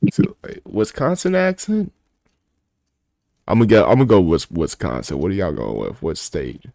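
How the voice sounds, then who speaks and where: Man, very low voice, swings up and down a lot, blunt casual reactions, dry close sound. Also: sing-song, vocal fry, darkish tone, no room sound. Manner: blunt, swearing, quick to laugh. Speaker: reaction video host.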